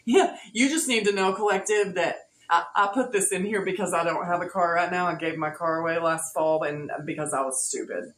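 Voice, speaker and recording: A woman's voice: on the low side, brisk, few pauses, a bit bright, a little hiss or hum. A woman giving a casual tarot reading to her viewers, playful and slangy, often laughing. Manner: playful, laughing, slangy, sings snatches of songs. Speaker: tarot reader. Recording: echoey room with faint ambience.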